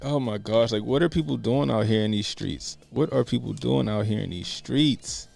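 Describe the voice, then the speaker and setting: Gravelly man ranting on a livestream. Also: medium pitch, normal speed, darkish tone, soft background music. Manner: laughs often, rambling and profane. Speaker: livestream commentary host. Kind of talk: casual profane livestream commentary.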